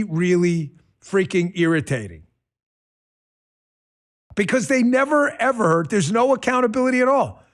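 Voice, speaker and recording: A man in his fifties hosting his own talk show, delivering a fired-up monologue that swings from muttered asides to near shouting. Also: high voice. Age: 50s. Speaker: podcast host.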